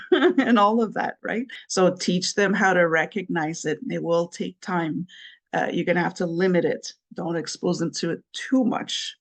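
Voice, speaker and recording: A woman's voice: fairly low pitch, creaky. A woman hosting a solo parenting podcast, explaining step by step and repeating her key points with a light laugh now and then. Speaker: podcast host. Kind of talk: solo advice talk.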